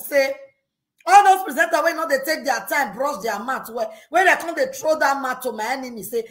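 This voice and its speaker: A woman's voice: sits high, lively intonation, fairly quick. A woman with a Nigerian accent ranting heatedly in pidgin, scolding unnamed critics. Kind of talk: ranting monologue.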